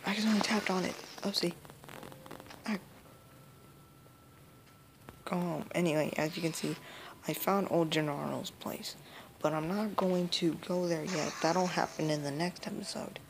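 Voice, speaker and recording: Woman gamer, casual muttering commentary, low gravelly voice, noisy home recording. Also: normal speed, long pauses. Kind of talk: let's play commentary.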